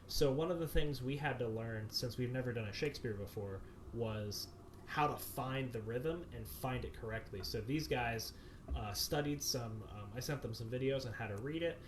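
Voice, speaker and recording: A man's voice: mid-range voice, noisy background. Rambling man explaining over a video call. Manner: rambling, many fillers and restarts. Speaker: director of a community theater production. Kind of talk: explanatory Q&A answers.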